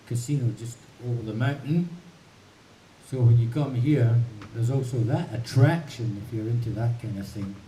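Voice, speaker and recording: Male musician host, mellow dark voice, rambling chat, mic set back in a roomy space. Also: mid-range voice. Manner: rambling, chatty, thinks aloud. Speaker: musician hosting a livestream. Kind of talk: casual chat between songs. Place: home in the mountains. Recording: roomy, distant mic, faint hiss.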